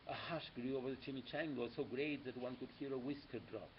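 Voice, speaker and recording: A man reading a children's picture book aloud as an animated storyteller. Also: mid-range voice, a little fast, highs cut off, slight background noise. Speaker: reader.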